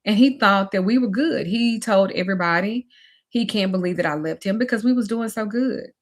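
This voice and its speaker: A woman's voice: mid-range voice, a little fast. A woman spiritual teacher candidly telling a personal story in a teaching talk, emphatic and frank. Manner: candid, emphatic, swings from animated to drained. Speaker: spiritual teacher and life coach.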